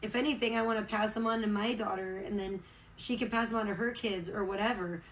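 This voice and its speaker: A woman's voice: mid-range voice, steady tone, fast, a little hiss or hum, rough recording. A woman from Chicago chatting casually on a livestream, rambling and heartfelt, with many fillers, just getting over being sick. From Chicago, USA. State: recovering from illness.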